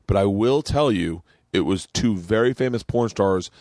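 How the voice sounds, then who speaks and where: A man in his forties hosting a podcast, telling a story in casual chat and laughing as his voice jumps up high. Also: moderate pace, no echo. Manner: excitable, laughing, rising to yelps when retelling. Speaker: podcast host. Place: home studio.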